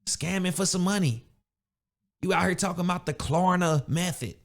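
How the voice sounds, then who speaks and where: A young man rants into his podcast mic, blunt and animated, full of street slang. His voice sits a bit higher than most men's. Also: normal speed. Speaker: podcast host. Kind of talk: casual motivational rant.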